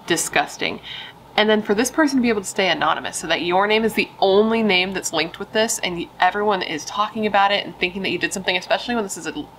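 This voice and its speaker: A woman's voice: mid-range voice, fairly bright tone, slight background noise, rough recording. A young woman casually telling a true crime story, emphatic and chatty, swearing and saying dude and like.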